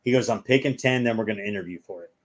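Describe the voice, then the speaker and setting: A man's voice: on the low side, racing. A man telling long stories as a guest in a casual chat, rambling and acting out the people in them.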